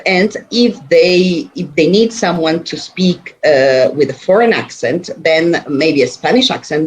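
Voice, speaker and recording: A presenter giving an academic conference talk in a measured, halting way, with frequent pauses. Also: medium pitch. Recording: dull muffled recording.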